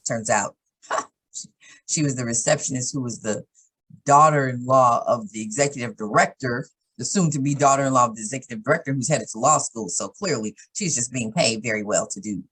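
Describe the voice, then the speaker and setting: A woman guest in casual conversation, telling candid stories in an animated way. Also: very deep voice, a little fast, husky, low-quality recording. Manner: animated, acts out others' lines in changed voices; candid, swears now and then.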